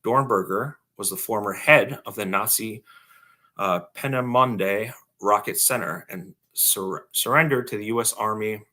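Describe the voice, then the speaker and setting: A man's voice: on the low side, measured pace, bright, forceful tone. A man co-hosting a casual podcast, reading a bio aloud with lots of ums, uhs and restarts. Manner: reads aloud with frequent fillers and restarts. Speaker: podcast co-host.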